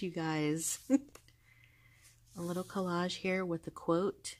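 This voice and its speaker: Woman vlogger, low voice, gushing casual chat, soft-spoken. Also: little pitch movement, slow pace, pauses often. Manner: gushing, soft-spoken, with frequent fillers and laughs. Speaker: vlogger showing a journal. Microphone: handheld camera held close.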